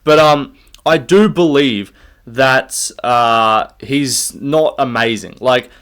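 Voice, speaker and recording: A young man rants through his fight picks, swearing freely and looping back on himself. He sounds loose and opinionated, talking at a middle pitch as he stands recording on his own. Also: slow, a bit bright, clean tone. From Australia. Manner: rambling, profane, opinionated. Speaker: MMA fight predictor. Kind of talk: casual solo rant.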